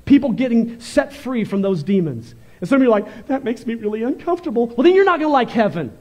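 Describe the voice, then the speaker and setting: A male pastor preaching a fervent, animated sermon, moving between loud bursts and quieter stretches. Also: very high-pitched, brisk.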